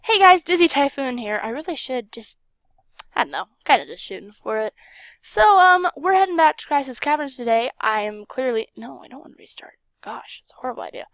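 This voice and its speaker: Lively high-voiced young woman gaming. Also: brisk, dry recording. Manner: excitable, chatty, sudden whispered asides. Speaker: gaming channel host. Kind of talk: casual game commentary.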